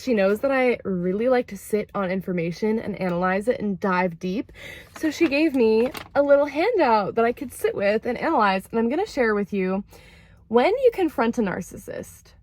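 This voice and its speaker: A young woman chatting casually to camera about therapy, lively and expressive, acting out quoted lines with big jumps in pitch. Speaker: vlogger sharing therapy insights.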